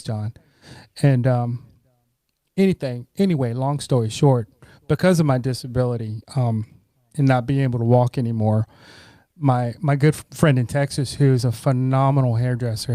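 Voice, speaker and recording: A middle-aged man talks as a podcast guest, easygoing and unhurried, sometimes acting out the voices of old friends. His voice is dark and mellow. The sound is dry and close, with no room echo. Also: medium pitch. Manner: relaxed, warm, acts out quoted friends. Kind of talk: casual storytelling.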